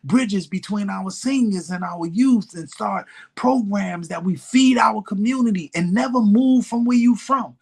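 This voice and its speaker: A man's voice: high voice, unhurried, gravelly, few pauses, slightly rough, pitched above the performer's own voice, exaggerated voice. A man imitating a passionate young rapper friend urging him to get involved. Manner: urgent, passionate persuading.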